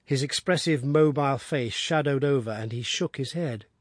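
A man narrating an audiobook with expressive, steady storytelling. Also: medium pitch, moderate pace, no echo, clean studio sound. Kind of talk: scripted narration.

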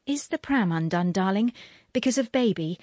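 A woman's voice: mid-range voice, lively intonation, normal speed, darkish tone, no room sound, clean studio sound, close to an everyday voice. A woman voicing a busy young mother who soothes and fusses over her children in a storybook reading. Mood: brisk. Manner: soothing, fussing.

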